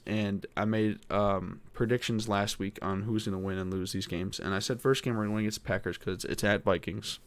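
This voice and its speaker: Low-voiced teen boy venting, swearing. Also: clear, resonant tone. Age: teens. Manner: frustrated, swearing, rambling. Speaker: podcast host. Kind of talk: casual venting monologue.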